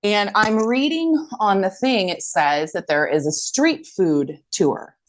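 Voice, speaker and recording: A woman's voice: medium pitch, slow pace. A woman co-hosting a podcast, telling stories in a casual chat, acting out what people said and swearing freely. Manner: animated storytelling, acting out quotes, swearing. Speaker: podcast co-host.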